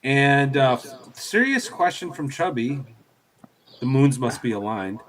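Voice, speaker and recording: A man's voice: medium pitch, lively intonation, a little slow, a bit bright. A man hosting a panel podcast in an easygoing way, reading out and thanking viewer messages. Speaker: podcast host. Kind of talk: casual panel chat.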